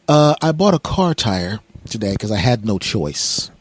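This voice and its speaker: A man's voice: on the low side, very animated, a little slow, slightly rough, no echo. A man from Philadelphia hosting his own podcast, telling a rambling, self-mocking comedic story with voiced asides. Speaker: podcast host. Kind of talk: comedic monologue.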